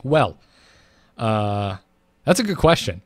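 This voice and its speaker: A man's voice: on the low side, sing-song, takes it slowly, dry recording, clean studio sound. A man co-hosting a casual gaming podcast, chuckling often as he thanks backers and reads listener mail. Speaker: podcast co-host.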